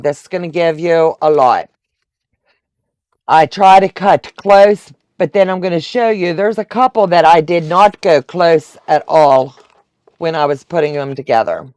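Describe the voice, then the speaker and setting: Teaching quilting on a live stream, this woman keeps things chatty, laughs a lot, and addresses her viewers directly in a casual tutorial. Her voice sits on the low side, a little mellow, at a measured pace in a dry recording.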